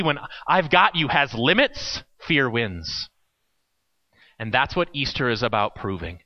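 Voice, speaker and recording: A man preaching a sermon, telling a story with acted quotes and dramatic pauses. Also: fairly high pitch, dull audio. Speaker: pastor.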